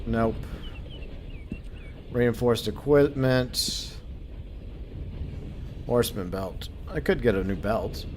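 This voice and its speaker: A man's voice: medium pitch, slow pace, long pauses, darkish tone, slight background noise. A man from Minnesota giving casual, joking commentary as he streams a game, swearing freely.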